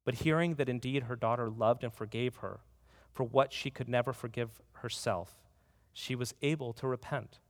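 A man preaching a sermon as pastor, earnest, telling a story and slowing down to stress key words. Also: mid-range voice. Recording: reverberant hall.

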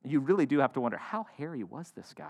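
A man preaching a sermon, retelling a story with animated, joking asides. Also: medium pitch, fast talker, lo-fi sound. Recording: echoey hall.

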